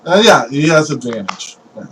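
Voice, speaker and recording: A man's voice: medium pitch, big pitch swings, normal speed, a bit bright, a little hiss or hum, low-quality recording. A man running a tabletop game as game master, narrating loosely with lots of "like" and restarts.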